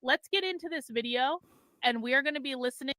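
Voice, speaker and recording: A woman's voice: high voice, quick pace, bright, forceful tone, no echo, studio quality. A middle-aged woman on a live stream, ranting in fury, swearing and repeating herself. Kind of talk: angry live stream rant.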